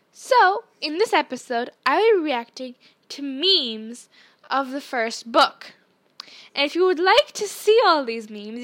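A woman with a fairly high, slightly bright voice hosts a podcast, chatting casually as she reacts to memes and sprinkles "like" all through her talk.

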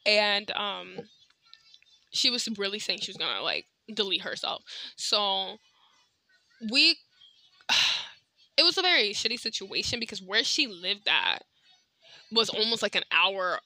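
A woman's voice: medium pitch, sing-song, measured pace, pauses often, sharp tone, no room sound. A young adult woman hosting a podcast, telling a personal story in a chatty, candid way with lots of filler words. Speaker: podcast host. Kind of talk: casual storytelling monologue.

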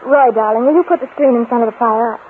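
A woman playing a frail, gentle wife in a wheelchair. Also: on the high side, fast, lightly acted. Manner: gentle, soft-spoken, polite. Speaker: invalid wife. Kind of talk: 1940s radio acting. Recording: tinny 1940s radio broadcast with faint hiss.

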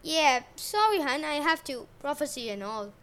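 A woman's voice: high voice, sing-song, normal speed, fairly bright tone, heavily acted. A woman voicing a gluttonous, grumbling titan king who snarls his lines. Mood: snarling.

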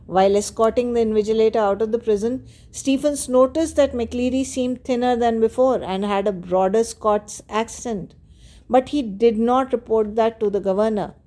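Woman, teacher, explains a story, mellow warm tone, asks rhetorical questions. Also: a little high, normal speed. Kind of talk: literature lesson explaining a story.

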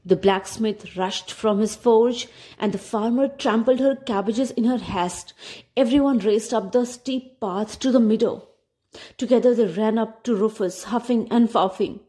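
A woman narrating a children's story with expressive delivery, dropping to a whisper at tense moments. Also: a little high, unhurried. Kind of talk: storybook reading.

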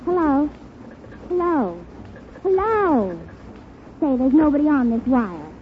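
A woman who is a regular on a 1930s radio comedy show, trading sassy, quick comebacks, on a tinny, crackly broadcast recording. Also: high voice, big pitch swings.

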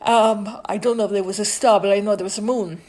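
A woman's voice: mid-range voice, steady tone, a little fast, darkish tone. A woman hosting a podcast, rambling in a casual monologue with many fillers and restarts, turning indignant at times. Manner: indignant commentary. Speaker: podcast host.

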